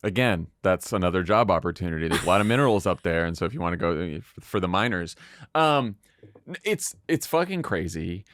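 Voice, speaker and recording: A man's voice: sits low, lively intonation, brisk, a bit bright, dry recording, studio quality. A man guesting on a political podcast, blunt and mocking, who often stops on fillers. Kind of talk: casual political chat.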